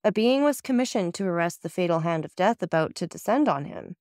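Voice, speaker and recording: A woman's voice: on the low side, lively intonation, brisk, darkish tone, no echo, studio quality, lightly acted. Woman reading as a solemn young husband, grave and earnest.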